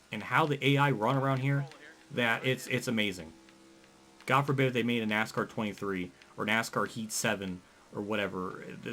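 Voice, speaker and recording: Fuming, foul-mouthed racing gamer. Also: male voice, mid-range voice. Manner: frustrated, swearing, yelling in bursts. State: out of breath. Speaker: racing game streamer. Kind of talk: angry gameplay commentary.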